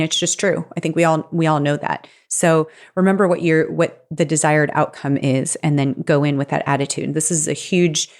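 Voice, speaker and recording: A woman's voice: sits low, a little mellow. A woman hosting a solo podcast, giving earnest, encouraging advice in a conversational way. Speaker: podcast host; stepparent.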